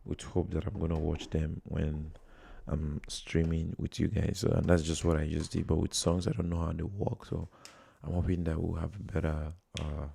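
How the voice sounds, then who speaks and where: A man's voice: a bass voice, monotone, normal speed, gravelly, mellow, husky. A man from Nigeria with a Nigerian accent, chatting casually and rambling as he reacts to videos on a livestream from his phone. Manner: rambling, chatty, many fillers and chuckles.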